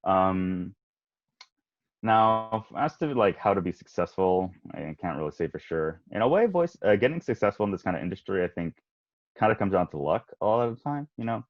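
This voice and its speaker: A young man talking casually in an interview about wanting to do voice acting, hesitant and soft-spoken, with plenty of fillers. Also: deep voice, lively intonation, moderate pace, no room sound. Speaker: guest, aspiring voice actor. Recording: muffled, lo-fi audio.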